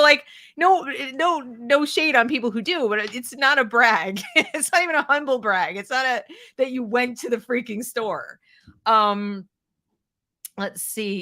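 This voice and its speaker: A middle-aged American woman hosting an opinionated commentary show, talking in an animated, sarcastic way and reading out viewer comments. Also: fairly high pitch. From United States. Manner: animated, sarcastic, mimics people in mocking voices. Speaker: show host.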